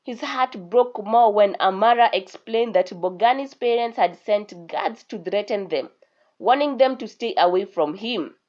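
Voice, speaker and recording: A woman storyteller giving an expressive, scripted narration of a folk tale. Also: mid-range voice, a little slow. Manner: expressive reading. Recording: dull lo-fi recording.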